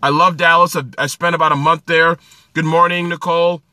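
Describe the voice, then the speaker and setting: A man from New Jersey chats on a phone livestream in a somewhat high, very bright and sharp voice. He is upbeat and greets viewers one by one by name. Then he slips into coaching them. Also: flat delivery, brisk, dry recording. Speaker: livestream host. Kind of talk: casual livestream chat.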